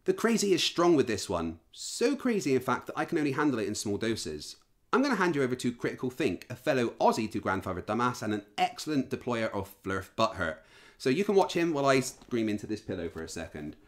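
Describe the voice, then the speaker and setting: Sarcastic man, very lively pitch. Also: quick pace. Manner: mocking, sarcastic. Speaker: host. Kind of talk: sarcastic commentary narration.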